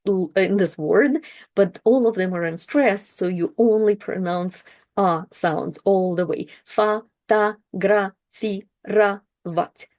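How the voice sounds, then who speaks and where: A woman teaching a language lesson, patiently explaining verbs and repeating each word slowly for practice. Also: fairly low pitch, warm tone.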